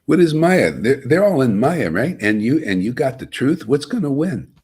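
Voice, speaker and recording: A man's voice: medium pitch, big pitch swings, normal speed, background noise. A man giving an informal, emphatic spiritual talk to a group, folksy and chuckling, often asking "see?". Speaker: spiritual teacher.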